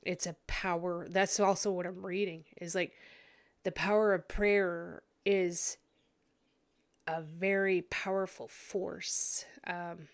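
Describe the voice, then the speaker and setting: Tearful woman psychic, slow and halting, low voice, vlog commentary. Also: little pitch movement. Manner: hesitant, many ums and restarts. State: tearful, sniffly. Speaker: psychic reader.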